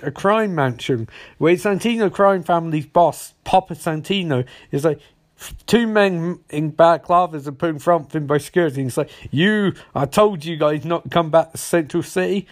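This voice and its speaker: A man hosting a podcast, casually recapping a TV episode and acting out the characters' lines in quick put-on voices. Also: fairly high pitch. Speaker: podcast host.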